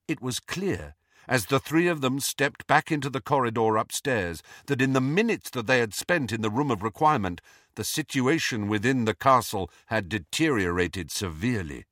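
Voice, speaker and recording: A man narrating a novel in an expressive, animated reading. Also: medium pitch, normal speed, no room sound, studio quality. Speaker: audiobook narrator. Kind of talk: scripted narration.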